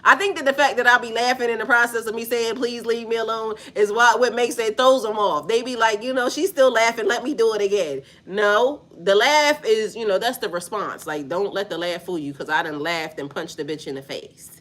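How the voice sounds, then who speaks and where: A woman's voice: a little high, moderate pace, few pauses, a bit bright. A woman spiritual reader in casual livestream chat, blunt and profane, laughing often and talking straight to her viewers. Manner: slangy, repetitive, talks to chat.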